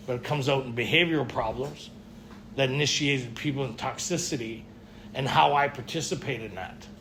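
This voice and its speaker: A man's voice: medium pitch, fairly bright tone. A man speaking casually to a group at a retreat, often checking in with his listeners. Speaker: recovery speaker at a men's retreat. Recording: faint room ambience and noise.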